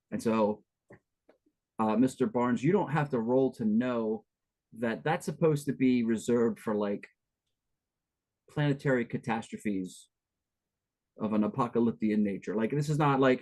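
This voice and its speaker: A man's voice: mid-range voice, moderate pace, darkish tone, poor audio. A man narrating as game master for a tabletop game, chatty and loose, full of fillers and asides.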